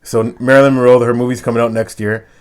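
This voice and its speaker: A man's voice: medium pitch, level tone, quick pace, darkish tone, clear, resonant tone. A man hosting a podcast, chatting loosely and joking, swearing freely. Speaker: podcast host. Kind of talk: casual chat.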